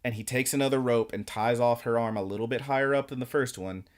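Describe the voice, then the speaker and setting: A man with a mid-pitched voice co-hosts a podcast in relaxed, casual chat. He retells scenes at length, slipping into quotes as he narrates. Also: fast. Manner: animated storytelling, acting out quotes. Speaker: podcast co-host. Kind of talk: casual chat, recapping an anime.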